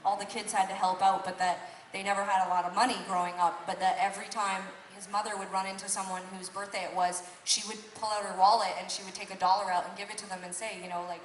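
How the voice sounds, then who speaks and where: A woman's voice: medium pitch, level tone, quick pace, slight background noise. Chatty woman rambling on stage in an echoey hall. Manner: chatty, apologetic, self-deprecating storytelling. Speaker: singer on stage. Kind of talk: rambling stage banter between songs. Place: concert venue stage. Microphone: stage microphone through PA, filmed from the crowd. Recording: echoey hall taped from far off.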